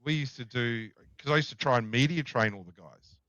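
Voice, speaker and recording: A man's voice: medium pitch, brisk, a bit bright, dry recording. Blunt Australian man telling stories. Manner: blunt, profane, anecdotal. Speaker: podcast guest. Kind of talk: casual storytelling. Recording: dull, dry lo-fi sound.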